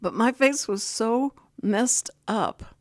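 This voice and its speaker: A woman hosting a talk radio show, telling personal stories in a rambling, animated way. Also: on the high side, slow, no room sound, studio quality. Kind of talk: casual talk radio chat.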